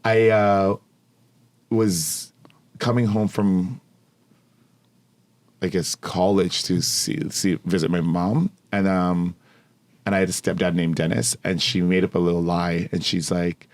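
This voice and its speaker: A man in his thirties, a podcast guest, telling personal stories in a casual, animated way, acting out other people's lines and laughing often. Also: deep voice, slow, long pauses. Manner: animated, acts out quotes with a raised voice, laughs often. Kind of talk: casual storytelling.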